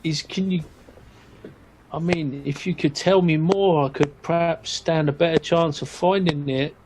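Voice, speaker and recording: A man's voice: on the high side, steady tone, measured pace, background noise. A man playing a tabletop role-playing game, speaking in character in a hesitant, thoughtful way. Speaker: player.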